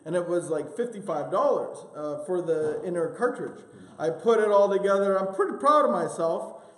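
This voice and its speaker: A man's voice: high-pitched, animated, normal speed, a bit bright. A man leading a church group session, telling self-deprecating home-repair stories in a rambling, casual way with many fillers. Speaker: church small-group leader. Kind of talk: casual teaching talk with personal stories. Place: church meeting room. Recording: echoey hall with long reverb.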